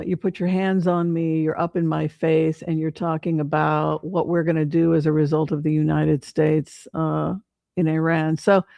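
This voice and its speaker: Brief: chatty tarot-reading host, meandering and halting, mid-pitched voice, dry close sound. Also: creaky, darkish tone, no room sound. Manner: rambling, hesitant, many fillers and restarts. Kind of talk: casual livestream commentary with tarot reading.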